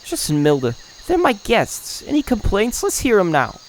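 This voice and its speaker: A man's voice: high voice, wildly swooping pitch, moderate pace, a little hiss or hum, voice pushed up, exaggerated voice. A man putting on a drawling folksy village woman.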